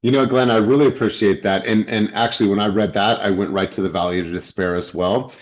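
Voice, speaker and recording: Man hosting a call, lowish voice, upbeat pep-talk energy, on a video call. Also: steady tone, fast. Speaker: group call host. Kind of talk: motivational group video call.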